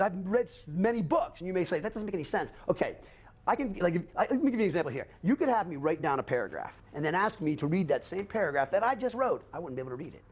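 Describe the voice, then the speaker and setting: Fast-talking, animated older man. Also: on the high side. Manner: fast, animated, swearing often, acting out quotes. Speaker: guest recounting his life. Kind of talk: rapid storytelling, profane.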